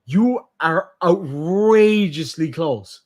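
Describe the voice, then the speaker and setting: A young man holds a loose, swear-filled chat and explains slang with animated energy. His voice sits a little higher than most men's. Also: drawn-out words. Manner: profane, animated storytelling. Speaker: streamer host. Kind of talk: casual chat.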